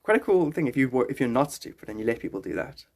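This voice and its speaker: A man's voice: medium pitch, big pitch swings, quick pace, vocal fry. A man streaming live and chatting casually with his viewers, rambling, joking and greeting them by name. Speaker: livestreamer.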